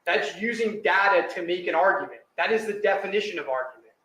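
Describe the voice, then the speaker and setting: A defense attorney argues firmly before a judge in a courtroom, citing case law. His high voice is expressive and fairly bright, moving at a quick pace, and the courtroom audio is echoey with a little hiss or hum.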